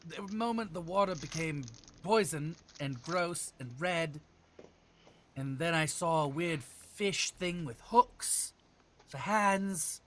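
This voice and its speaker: A man playing a tabletop game, recounting his character's experience in an unhurried, halting way. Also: on the high side, fairly bright tone, a little hiss or hum. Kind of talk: casual game chat.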